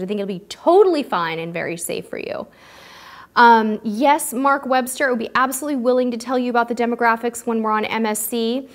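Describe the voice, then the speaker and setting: A woman hosting a live cruise-advice stream, answering viewer questions and thanking supporters in a chatty, heartfelt way. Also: on the high side. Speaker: cruise show host. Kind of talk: live-stream Q&A, casual chat.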